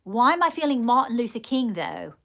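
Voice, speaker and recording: A woman with a slightly high voice works as a medium on a live stream, addressing her viewers directly. She talks in stops and restarts, repeating words as she goes. She keeps calling her viewers darling. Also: big pitch swings, a little fast, vocal fry, fairly bright tone. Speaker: psychic medium. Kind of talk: live-stream channelling session.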